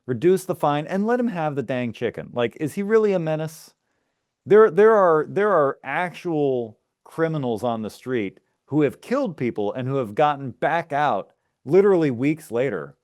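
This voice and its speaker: A man's voice: on the high side, sing-song, moderate pace, a little mellow, dry recording, studio quality. A man co-hosting a casual podcast, ranting with mock outrage. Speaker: podcast co-host. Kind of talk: casual chat.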